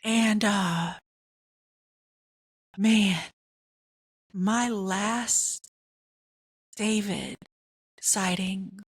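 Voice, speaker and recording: A middle-aged woman hosting a podcast, telling a personal story in a casual, animated way and jumping up in pitch for excited quotes. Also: extremely slow, long pauses, slightly rough, dry recording, studio quality. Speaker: podcast host.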